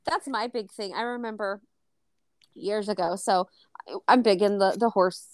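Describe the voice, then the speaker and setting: A woman co-hosting a casual podcast, telling a story with lively acted-out quotes and plenty of swearing. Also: mid-range voice, moderate pace, no room sound. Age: adult. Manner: animated, acts out quoted dialogue, swears freely. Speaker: podcast co-host.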